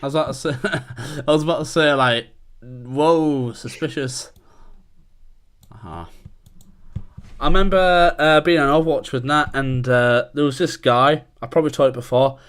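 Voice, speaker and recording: A man's voice: a little high, brisk, a bit bright. A young man, co-hosting a podcast and recalling gaming stories in a rambling way, full of fillers and laughter. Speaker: podcast co-host. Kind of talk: casual gaming chat.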